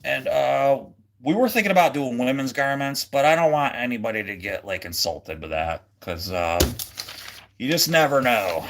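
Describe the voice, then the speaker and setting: A man talks casually to his livestream chat at an ordinary mid pitch. He rambles and jokes, stopping and restarting his sentences and filling the gaps with "um," "uh" and "like.". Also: background noise. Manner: rambling, many fillers and restarts; jokey, goofy. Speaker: livestream host.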